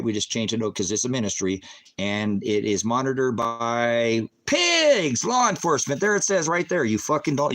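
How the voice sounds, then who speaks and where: A man running a ministry channel, ranting angrily at his chat on a livestream, profane and rambling, swinging between shouting and low muttering. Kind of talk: angry livestream rant at chat.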